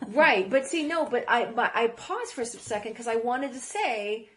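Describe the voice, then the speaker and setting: A woman guest who grew up in Iraq, telling stories in a casual interview, rambling with quick asides. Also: fairly high pitch, animated, a bit bright.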